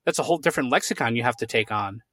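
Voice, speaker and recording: A man's voice: mid-range voice, animated, very fast, pushed and bright, no room sound, studio quality. An American man hosting a podcast, chatting in a friendly, playful way and often repeating words as he starts a thought. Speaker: podcast host. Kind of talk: casual interview chat.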